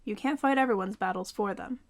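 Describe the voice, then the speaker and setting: A woman reading the lines of a calm, practical young man who speaks in a level, matter-of-fact way. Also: mid-range voice, brisk, gravelly, lightly acted.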